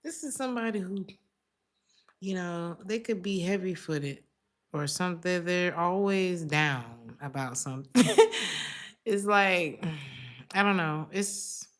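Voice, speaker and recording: A woman giving a casual tarot reading, chatty and slangy, laughing often between remarks. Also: lowish voice. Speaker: tarot reader.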